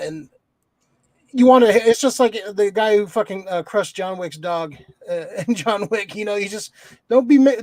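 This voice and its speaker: A man's voice: sits high, a little mellow, no room sound. A man co-hosting a podcast, reviewing a movie in rambling, profanity-laced casual chat full of fillers. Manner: swears a lot, rambling with many fillers. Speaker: podcast co-host.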